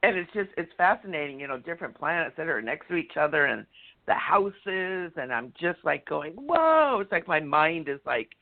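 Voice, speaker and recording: Excitable man on a tinny phone line. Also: a little high, moderate pace, creaky. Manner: bubbly, excitable, full of fillers. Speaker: co-host and medium. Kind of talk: casual radio chat.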